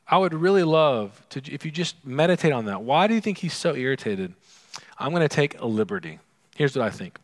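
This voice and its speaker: A man preaching a recorded sermon alone in an empty room, earnest and conversational, with asides to his listeners. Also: medium pitch. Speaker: pastor. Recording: long reverb of an empty room.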